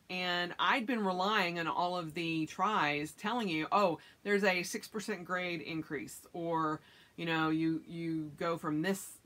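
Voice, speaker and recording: A woman vlogger chatting casually to her camera with a bright, clear tone. She tells her story in long runs and acts out her own reactions with sudden high squeaks and yelps. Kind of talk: casual chat.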